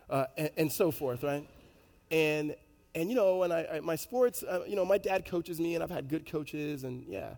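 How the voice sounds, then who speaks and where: Male pastor, lively sermon in a reverberant hall. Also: fairly high pitch, moderate pace. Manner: conversational storytelling, animated, many fillers and restarts.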